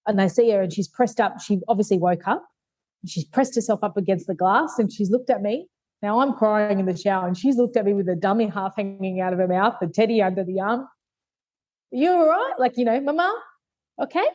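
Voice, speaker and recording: A woman's voice: mid-range voice, fairly quick, a little mellow, dry recording, rough recording. A woman, a podcast guest, telling her life story openly and earnestly, acting out remembered dialogue. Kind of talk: candid life story in conversation.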